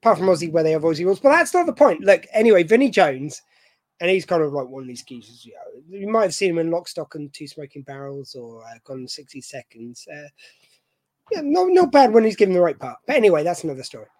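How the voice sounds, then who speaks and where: A man's voice: a little high, big pitch swings, fast, a little mellow, no echo. A British man co-hosting a podcast, chatting and joking with rambling asides. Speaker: podcast co-host. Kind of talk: casual chat.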